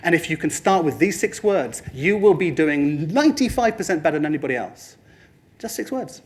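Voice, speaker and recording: A man giving a lively motivational presentation to a room, addressing the audience and slipping into other people's voices for quoted lines. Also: on the high side, brisk. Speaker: speaker at a training talk.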